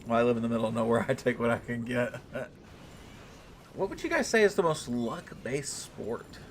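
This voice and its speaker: A man from the United States hosts a relaxed livestream, talking straight to his viewers. His delivery is casual and full of cursing and teasing. His voice swings widely in pitch. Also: normal speed, a little hiss or hum. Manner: laid-back, swears freely, laughs often, teases chat. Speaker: streamer reading and answering chat.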